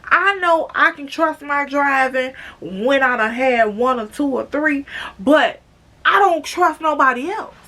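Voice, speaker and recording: A woman with a bright, forceful voice that sits a little high, telling a storytime for her vlog. She talks in a chatty, animated way, swears freely and keeps calling her viewers "girl.". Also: measured pace. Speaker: vlogger. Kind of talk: casual storytime monologue.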